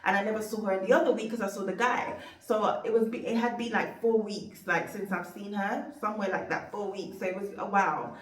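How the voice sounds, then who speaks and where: A woman's voice: mid-range voice, steady tone, brisk, hardly any pauses. A young woman telling a personal story in a heartfelt, rambling, faith-filled way. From Jamaica. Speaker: vlogger. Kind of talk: emotional storytime monologue. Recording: roomy, distant from mic.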